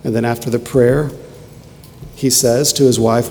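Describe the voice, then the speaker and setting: A man preaching a sermon in an earnest way, swinging from emphatic questions to quiet, low lines, in a church sanctuary. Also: fairly even intonation, a little slow. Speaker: pastor. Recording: long hall reverb, faint ambient noise.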